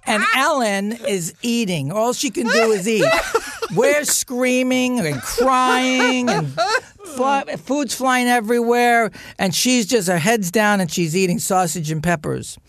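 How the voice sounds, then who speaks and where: A man telling a family story in a loud, heated way, cursing freely. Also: sits high, expressive, a little slow, noisy background. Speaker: guest storyteller. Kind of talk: animated anecdote in a played clip.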